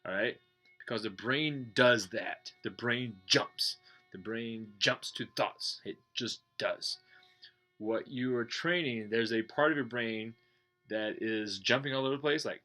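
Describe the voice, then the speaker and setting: A man teaching meditation in a casual, blunt way, swearing and joking, and going soft and slow when he guides the breathing. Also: medium pitch. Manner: slows and softens when guiding breathing. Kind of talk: casual explanatory talk.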